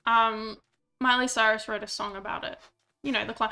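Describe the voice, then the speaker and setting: A woman's voice: a little high, flat delivery, a little slow, long pauses, sharp tone. A woman streaming a game, chatting casually and mocking herself, swearing when annoyed. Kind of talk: casual gameplay chat.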